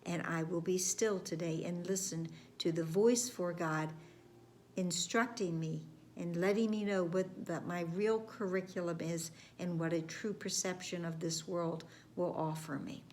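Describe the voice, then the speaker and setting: Slow, soft-spoken woman teaching. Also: lowish voice, fairly even intonation, slight background noise. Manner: slow, gentle, repetitive phrasing with soft whispered words. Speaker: spiritual course teacher. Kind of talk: reflective lesson talk.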